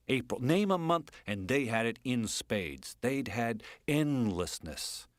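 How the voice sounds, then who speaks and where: Male audiobook narrator; low, dramatic, sing-song literary reading on a dry studio mic. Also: no room sound. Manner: rhythmic, incantatory, dramatic swings.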